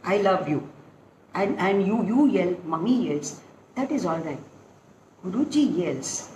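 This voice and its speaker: A woman's voice: on the low side, a little slow. An older woman, a dance guru animatedly telling stories from her own training and acting out what her teachers said. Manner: animated storytelling, acting out quotes. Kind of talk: reminiscing interview. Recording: echoey room with faint noise.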